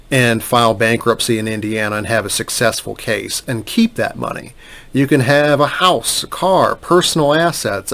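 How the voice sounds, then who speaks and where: A man, a middle-aged bankruptcy attorney, talking straight to camera and emphatically rebutting bad advice with scoffing asides. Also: medium pitch. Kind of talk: direct-to-camera commentary.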